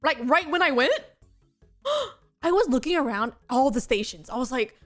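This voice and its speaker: Young woman, high voice, excitable, rambling casual stream chat, faint music behind. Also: moderate pace. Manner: excitable, rambling, heavy use of "like". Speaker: VTuber streamer.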